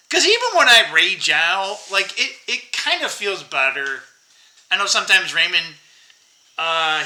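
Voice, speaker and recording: A man's voice: high-pitched, bright, forceful tone, rough recording. A man in his fifties rambling bitterly to his viewers in a casual monologue, swearing and laughing to himself. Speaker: vlogger.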